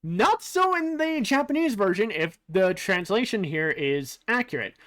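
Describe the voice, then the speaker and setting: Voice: mid-range voice, very animated, a little slow, a bit bright. A streamer giving casual game commentary, musing aloud with frequent fillers and the odd curse. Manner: casually profane.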